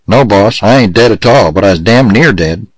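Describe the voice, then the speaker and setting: A man's voice: on the low side, animated, moderate pace, slightly rough, no echo, low-quality recording. A man reading the lines of a loyal, passionate ranch hand. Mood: earnest.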